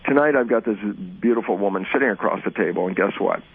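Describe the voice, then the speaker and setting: A man being interviewed, explaining casually and acting out both sides of imagined conversations in an animated way. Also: lowish voice, fast, creaky, husky. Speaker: interview guest. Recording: narrow phone-like sound.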